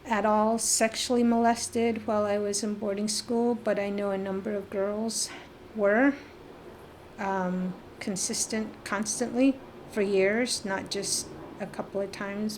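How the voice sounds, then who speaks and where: A middle-aged woman from northeastern Arizona, recounting her life as an interview guest, reflective and halting, with pauses and fillers. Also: mid-range voice, a little mellow, a little hiss or hum. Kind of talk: personal life-story interview.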